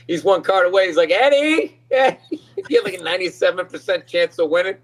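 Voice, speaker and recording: Co-hosting a casual sports podcast, a man with a Boston accent tells excitable stories, swearing and laughing mid-sentence. His voice sits high and moves briskly.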